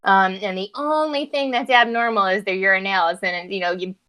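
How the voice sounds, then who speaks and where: A woman's voice: medium pitch, normal speed, clear, resonant tone. A woman co-hosting a casual chat, telling work stories with lots of laughter and acted-out quotes. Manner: animated storytelling, acts out quotes, laughs often. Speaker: podcast co-host, clinician.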